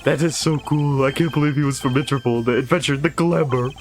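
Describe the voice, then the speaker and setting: A man's voice: mid-range voice, fast, slight background noise. A man casually commenting on a video game while streaming, playful and giggly, reading game lines aloud.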